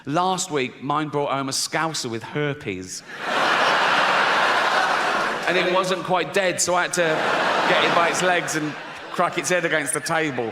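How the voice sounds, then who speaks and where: A middle-aged man with an English accent doing stand-up comedy, deadpan and conversational, laughing at his own jokes. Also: a little high, measured pace, pauses often. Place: large theatre stage. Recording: stage mic in a big hall with audience noise.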